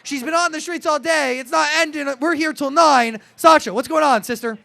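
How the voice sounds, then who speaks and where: A man hosting a festival broadcast as a radio host, with quick, upbeat announcer patter. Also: extremely high pitch, gravelly, pushed and bright, no room sound. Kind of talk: event hosting.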